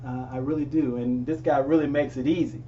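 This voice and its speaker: A man's voice: mid-range voice, steady tone, brisk, dark tone, recorded from a distance, highs cut off, a little hiss or hum. A man interviewing his grown son, often laughing as he tells stories and acts out voices in quotes. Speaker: interviewer and father. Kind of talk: unscripted conversation.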